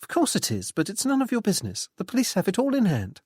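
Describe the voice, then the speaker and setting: A man reading an audiobook, voicing a wary young woman who turns clipped and sharp when challenged. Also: sits high, huge pitch swings, fast talker, slightly rough, dry recording, studio quality, voice pushed up, full character voice. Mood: indignant.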